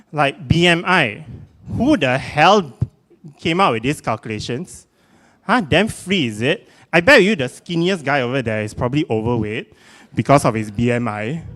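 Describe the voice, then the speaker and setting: A young man with a Singaporean English accent giving a self-mocking comic spoken-word performance, exclamatory and animated. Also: medium pitch.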